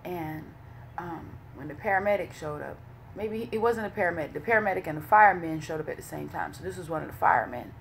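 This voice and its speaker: Candid low-voiced woman. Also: animated, quick pace, gravelly, a little hiss or hum. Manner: candid, emotional, profane, many fillers. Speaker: vlogger leading a women's wellness study. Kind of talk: casual spoken commentary.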